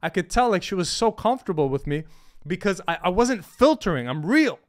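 Brash, profane man with a smooth voice. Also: high-pitched, big pitch swings, brisk. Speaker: dating coach. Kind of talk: energetic advice monologue.

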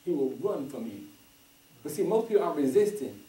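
Man, pastor, conversational sermon, animated storyteller, high voice, echoey distant church recording. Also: a little fast. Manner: animated storyteller who acts out quoted voices, casual dialect. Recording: roomy church audio from a distance.

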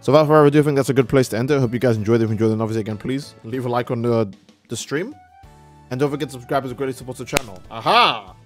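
A man's voice: rapid-fire, faint music behind. Laid-back swearing young guy streamer. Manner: laid-back and profane, jumps high when excited. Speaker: game streamer reading donations. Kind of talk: casual live-stream chat.

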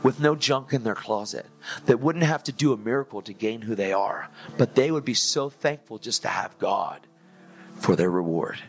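A man preaching an energetic sermon, telling his testimony in a casual way, full of "dude" and "like" and acted-out dialogue. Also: mid-range voice, normal speed.

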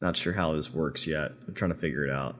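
A man hosting a casual gaming podcast, rambling and trailing off quietly as he reads listener mail. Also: very deep voice, fast talker. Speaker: podcast host. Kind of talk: casual chat.

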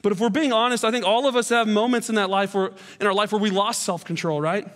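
High-voiced man preaching in a big hall. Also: steady tone, fast, a bit bright. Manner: storytelling with self-deprecating humor. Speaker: pastor. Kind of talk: sermon. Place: church auditorium. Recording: long hall reverb.

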